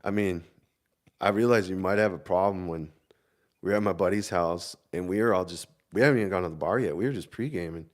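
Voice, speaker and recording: A man in his thirties with a fairly low voice, swapping old army stories in relaxed, casual chat. He tells them in a laid-back way and breaks into laughter often. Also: fast talker. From Minnesota. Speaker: army veteran podcast co-host.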